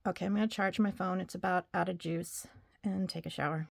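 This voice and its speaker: A woman's voice: lowish voice, fairly even intonation, fairly quick, gravelly. A woman records a casual video diary at home and addresses her viewers directly. She rambles and pokes fun at herself, and she sounds tired. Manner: rambling, self-deprecating, chatty with viewers. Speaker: vlogger.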